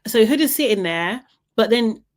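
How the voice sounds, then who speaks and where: A young woman in a casual, gossipy vlog recap, talking in a chatty, animated way full of "like" and "you know". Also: on the high side, moderate pace. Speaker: reality TV recap vlogger.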